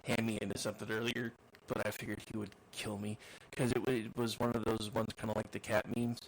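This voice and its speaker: Gravelly-voiced man co-hosting a talk show. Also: on the low side, level tone, fast talker, slight background noise, low-quality recording. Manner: rambling, repeats words, jokey. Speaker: radio show co-host. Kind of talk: casual chat.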